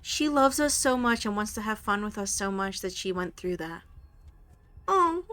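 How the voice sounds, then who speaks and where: An excitable young woman streaming a game live, joking and reacting loudly. Her pitch sits in a middle range. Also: moderate pace, no room sound.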